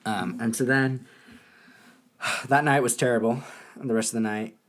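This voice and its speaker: A young man casually telling a story, animated and often laughing. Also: medium pitch, unhurried.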